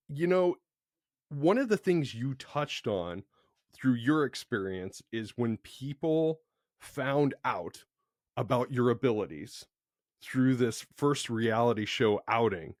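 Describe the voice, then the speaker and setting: A man hosting a podcast, talking in a relaxed, conversational way and affirming his guest. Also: mid-range voice, no room sound, clean studio sound. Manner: expressive, affirming interjections. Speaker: podcast host. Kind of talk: conversational interview.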